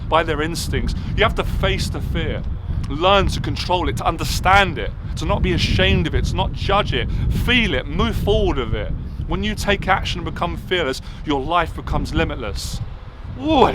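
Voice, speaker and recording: Man, motivational speaker, emphatic repetitive delivery, slightly high voice, outdoors with clear traffic noise. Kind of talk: impassioned motivational monologue. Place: outdoors on a city rooftop.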